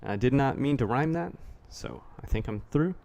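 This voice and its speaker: A man's voice: medium pitch, lively intonation, normal speed, gravelly, warm tone. A man giving a rambling, casual commentary rant, sardonic and full of swearing. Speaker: YouTube commentator.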